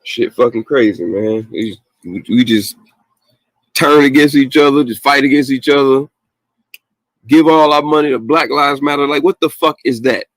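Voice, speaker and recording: A man's voice: mid-range voice, moderate pace, no room sound, poor audio. Host, man, heated and profane with frequent laughs, dry close mic. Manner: profane, animated, laughs often. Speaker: podcast host. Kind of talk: casual opinionated chat.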